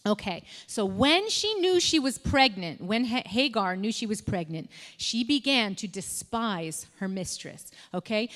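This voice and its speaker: A tired mom telling a Bible story to children in a church hall, chatty and checking in with "okay?" all the time. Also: female voice, on the high side. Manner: chatty, keeps checking in with 'okay?'. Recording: echoey hall with long reverb.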